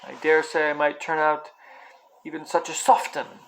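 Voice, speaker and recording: A man's voice: a little high, little pitch movement, moderate pace, gravelly, a little hiss or hum. A man voicing a humble, earnest London cabbie with a Cockney accent, speaking hesitantly and plainly. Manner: modest, hesitant, homely speech.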